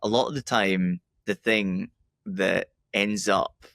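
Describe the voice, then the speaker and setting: A man speaking as a podcast guest, explaining things in a steady way with fillers. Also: low-pitched, takes it slowly, creaky, dry recording, studio quality. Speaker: podcast guest, ads agency owner. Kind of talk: casual interview talk.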